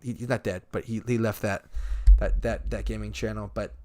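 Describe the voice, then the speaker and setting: A man's voice: lowish voice, moderate pace, no echo. A young man hosting a podcast, chatting casually and telling a story with acted-out quotes. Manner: animated storyteller, acts out quotes. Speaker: podcast host. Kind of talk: casual chat.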